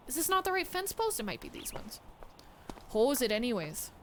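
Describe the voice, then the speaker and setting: A woman's voice: fairly high pitch, very animated, brisk, a bit bright, a little hiss or hum. A young woman streaming a game, chatting playfully with her viewers and joking at the screen. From not American. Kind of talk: casual live-stream chat while gaming. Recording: music playing behind. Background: background music.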